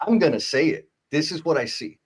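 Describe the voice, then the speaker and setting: This live-show co-host has a fairly high voice and speaks a bit quickly. Chatting casually with an animated, playful energy, he reads out comments from viewers and makes jokes at his own expense.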